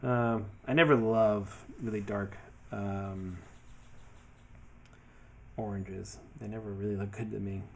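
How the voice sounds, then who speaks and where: A man talking casually through his design work as he goes, thinking aloud in a relaxed way with many fillers. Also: fairly low pitch, slow, vocal fry, pauses often, slight background noise. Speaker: web developer building his portfolio. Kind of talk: casual screen-share commentary.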